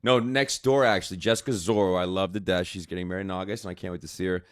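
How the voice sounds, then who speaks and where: A fairly low-voiced man spins rambling anecdotes as a podcast guest, stacking fillers and restarts as he goes. His voice is close and dry, with no room around it. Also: steady tone, fast, dry recording. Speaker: guest, actor. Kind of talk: casual storytelling interview.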